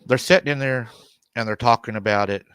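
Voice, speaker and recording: A man's voice: mid-range voice, a little fast, a bit bright, smooth. A man hosting a live paranormal stream, retelling a family's story and quoting the people in it. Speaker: paranormal show host.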